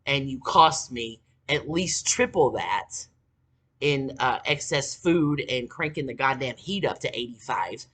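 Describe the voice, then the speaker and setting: A vlogger in their forties with a husky, breathy edge and a sharp, tense brightness to the voice. The pitch moves widely, from sunken mutters to shouted peaks. The talk is a rambling, profane monologue full of bitter grievance. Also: animated, a little slow. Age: 40s. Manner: profane, bitter ranting with frequent filler words; swings from low muttering to shouted outbursts. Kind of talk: casual monologue to camera.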